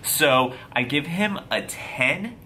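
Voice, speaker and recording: A man vlogger casually retelling a story to camera, profane and animated, full of slang. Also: fairly high pitch, takes it slowly, a little hiss or hum.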